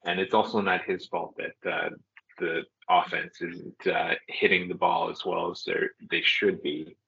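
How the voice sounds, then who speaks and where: A man's voice: low-pitched, flat delivery, unhurried, creaky, sharp tone, slightly rough, lo-fi sound. A man co-hosting a sports podcast in casual chat, hesitant and full of fillers as he weighs his opinions. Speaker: podcast co-host.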